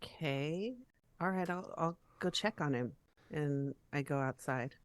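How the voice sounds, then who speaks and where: A woman with a fairly low voice plays her character at a tabletop game. She answers calmly and hesitates now and then. Her recording is dry, with no room sound. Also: clean tone, no echo. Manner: calm, halting replies. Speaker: player. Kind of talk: in-character tabletop role-play.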